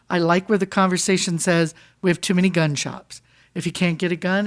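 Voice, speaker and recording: Board member, woman, middle-pitched voice; impassioned, questioning, restarts often. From United States. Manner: earnest, impassioned, with frequent restarts and rhetorical questions. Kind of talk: public meeting discussion.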